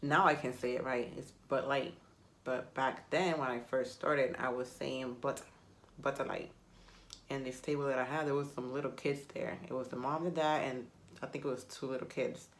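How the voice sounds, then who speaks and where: A female vlogger whose first language is Spanish chats casually to the camera, rambling along with self-mocking humor. Her voice is very deep and brisk, with fairly even intonation.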